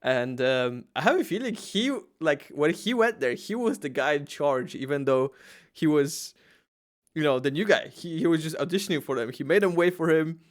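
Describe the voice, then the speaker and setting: A man's voice: fairly high pitch, lively intonation, moderate pace. A man hosting a reaction video, giving a chatty, casual outro and thanking viewers.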